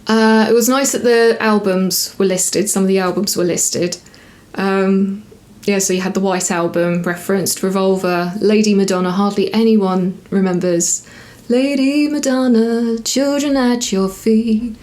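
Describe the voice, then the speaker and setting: A woman talking casually to camera as she reviews a TV episode, rambling a little, correcting herself and filling pauses as she thinks aloud. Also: medium pitch, fairly even intonation, a little mellow. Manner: chatty, rambling with fillers and self-corrections.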